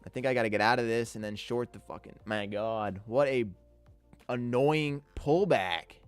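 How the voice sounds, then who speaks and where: A young man live-streaming his day trading, excitable and swearing often as he talks to his chat. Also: on the low side, a little fast, smooth, no room sound. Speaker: livestreaming day trader. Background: faint music.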